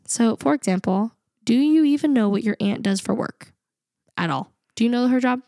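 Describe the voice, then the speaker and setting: A woman's voice: on the high side, animated, normal speed, vocal fry, dark tone, no echo, studio quality. A young adult woman co-hosting a podcast, talking in an earnest, reflective way and laughing often. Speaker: podcast co-host. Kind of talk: casual podcast chat.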